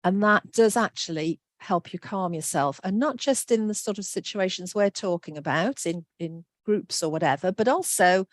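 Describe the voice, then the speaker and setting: A woman's voice: medium pitch, normal speed, hardly any pauses, no echo, studio quality. A woman giving an online workshop talk, friendly and reassuring, reading out answers from the chat. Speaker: workshop presenter.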